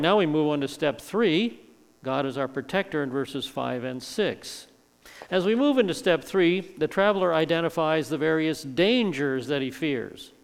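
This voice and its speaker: An older man delivers a verse-by-verse sermon in a slightly high, gravelly voice. He stresses points by stacking and repeating words. The sound carries a long hall reverb. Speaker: preacher.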